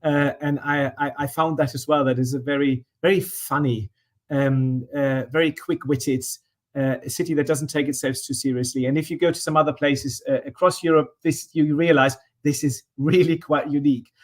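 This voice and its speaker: A middle-aged man moderates an online panel. His voice sits fairly high for a man, and he speaks in a friendly, hesitant way, often restarting his sentences. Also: fairly even intonation, moderate pace. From Germany. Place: indoors by a sunny window.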